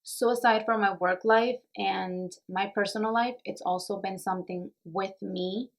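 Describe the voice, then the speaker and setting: A woman's voice: mid-range voice, steady tone, moderate pace. A young woman who works as a makeup artist and beauty vlogger, talking to the camera in an earnest, reflective way, a little nervous and emotional. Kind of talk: casual talk to camera.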